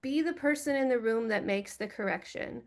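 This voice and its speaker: Earnest, direct woman with a higher voice. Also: moderate pace. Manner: earnest, direct, gently instructive. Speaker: church director of operations. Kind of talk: earnest teaching talk.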